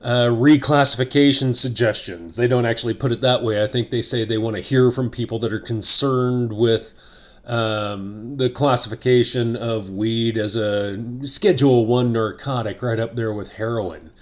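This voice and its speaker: A man's voice: mid-range voice, steady tone, moderate pace, fairly bright tone. A middle-aged man hosting a casual vlog monologue, rambling and joking with asides. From United States. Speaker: host.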